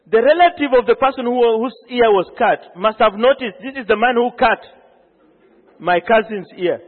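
A man preaching a sermon, telling the story with animated energy and acting out the quoted lines. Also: very high-pitched. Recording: phone-like sound in a long-reverb hall.

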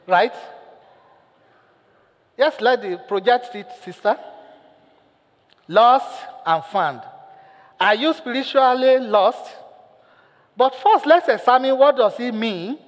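High-voiced pastor preaching in a reverberant hall. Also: male voice, slow pace, pauses often. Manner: animated storytelling, asks the congregation questions. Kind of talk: sermon.

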